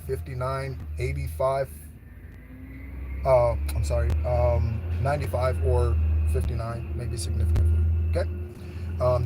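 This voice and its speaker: A man's voice: mid-range voice, background noise. A middle-aged man giving a rambling spiritual monologue, casual and profane, often checking in with "okay?" and "right?". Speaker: spiritual channel host.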